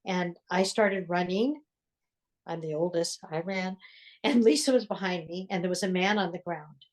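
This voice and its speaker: Older nun telling her story, earnest, pauses to think, lowish voice. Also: a little mellow. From United States. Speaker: religious sister. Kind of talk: storytelling in an interview.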